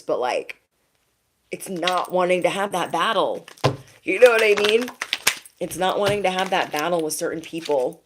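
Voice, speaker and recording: A woman with a low-pitched voice reads tarot for her online audience. She speaks in a loose, conversational way, often pauses to ask "okay?", and laughs lightly now and then. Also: lively intonation, background noise. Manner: chatty, reassuring, frequent "okay?" and laughs. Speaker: tarot reader. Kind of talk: casual tarot reading to viewers.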